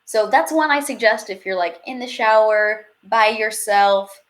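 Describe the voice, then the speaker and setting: A woman's voice: a little high, measured pace. A young woman teaching a live online language class, chatty, laughing often and dropping French phrases into her English. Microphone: webcam or headset on video stream.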